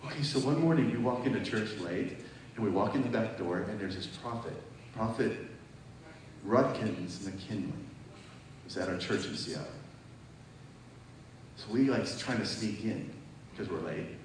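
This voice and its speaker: A man's voice: lowish voice, lively intonation, moderate pace, a little hiss or hum. Preacher man in a very echoey hall. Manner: emphatic and conversational, often asks the audience questions. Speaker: preacher giving a testimony. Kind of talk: sermon testimony. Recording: very echoey hall, mic far off.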